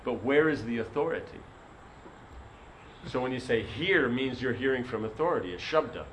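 A man's voice: medium pitch, animated, normal speed, a bit bright, dull audio, slight background noise. A man giving a sermon as a spiritual teacher, telling a story in a rambling way full of "you know".

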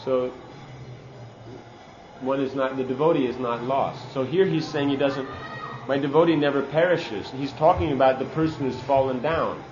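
A man's voice: medium pitch, fairly even intonation, normal speed, reverberant, dull audio, background noise. A man giving a sermon-style scripture class, earnest and emphatic, using Sanskrit terms.

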